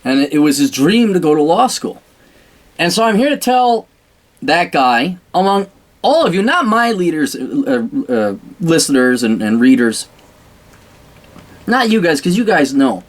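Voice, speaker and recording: A man delivering a casual ranting monologue, blunt and sarcastic, swearing often and clearing his throat between thoughts. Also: fairly high pitch, sing-song, measured pace. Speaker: commentator.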